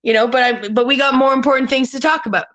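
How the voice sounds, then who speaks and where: A woman's voice: high voice, steady tone, quick pace, fairly bright tone. A woman co-hosting a live panel chat, telling rambling stories with frequent laughs. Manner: rambling storyteller, laughs often. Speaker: panel co-host. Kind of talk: casual chat.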